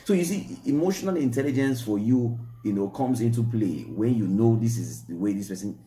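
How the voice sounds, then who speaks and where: A man co-hosting a marriage Q&A show, explaining in a relaxed, repetitive way that stresses key points. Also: mid-range voice, a little fast, echoey room. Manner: repetitive, emphatic, explaining step by step. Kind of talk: relaxed advice talk.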